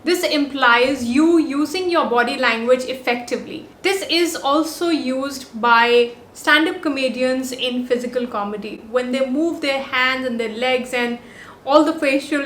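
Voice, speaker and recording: On her body language vlog, a woman with a high, somewhat bright voice gives scripted talking-head advice as an upbeat, emphatic list. The audio, from a compact on-camera mic, carries a roomy echo.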